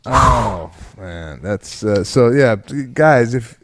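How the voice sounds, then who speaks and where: A man co-hosting a comedy podcast in casual chat, with an expressive, exclamatory delivery. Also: medium pitch, takes it slowly, noisy background. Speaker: podcast co-host.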